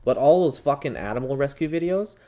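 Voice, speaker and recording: A man's voice: medium pitch, lively intonation, a little fast, warm tone. A man chatting casually over a game, laughing often and swearing as he rambles through stories. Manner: profane, laughing, rambling storyteller. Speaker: gaming channel co-host. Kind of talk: casual chat over gameplay.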